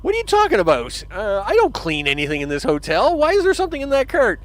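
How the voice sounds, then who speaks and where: Man doing a desperate hotel cleaner, whiny, high, pleading, swooping voice. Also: huge pitch swings, fast talker. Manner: pleading, indignant, higher-pitched.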